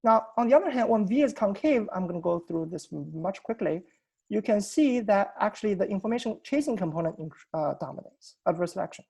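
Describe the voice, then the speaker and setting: A man's voice: high voice, animated, fairly quick, gravelly, dark tone, breathy edge. A man giving an academic seminar talk over a video call, explaining technical points methodically and often restarting his sentences. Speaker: presenter.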